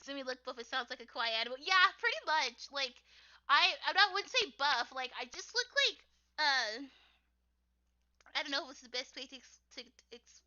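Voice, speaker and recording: A young woman with a squeaky voice chatting casually on a livestream while she draws, rambling with lots of "like" and frequent laughter. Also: expressive, moderate pace, sharp tone, dull audio. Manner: rambling, full of "like", laughs often. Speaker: artist streaming her drawing work.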